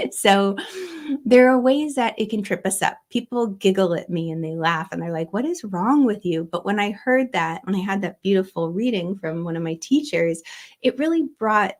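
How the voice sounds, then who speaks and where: A woman's voice: medium pitch, animated, moderate pace. Chatty giggly woman livestreaming. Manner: chatty, giggly, greets viewers by name. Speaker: astrology livestream host. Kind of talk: casual livestream talk.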